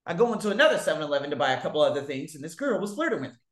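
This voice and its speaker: Profane animated man in an echoey room. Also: very fast. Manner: profane, animated, big swings in pitch and loudness. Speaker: vlogger. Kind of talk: casual storytelling monologue.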